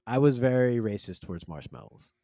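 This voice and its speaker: A man's voice: medium pitch, sing-song, fairly quick, dark tone, no room sound, clean studio sound. A man co-hosting a podcast, chatting casually and laughing while recapping a cooking show. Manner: joking, laughs often, reads a recap aloud. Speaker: podcast co-host.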